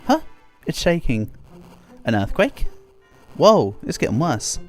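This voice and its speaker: A man's voice: on the high side, wildly swooping pitch, slow, soft background music, pitched above the performer's own voice, heavily acted. English man reading as a puzzled young dreamer hero. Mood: bewildered. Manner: wondering, questioning.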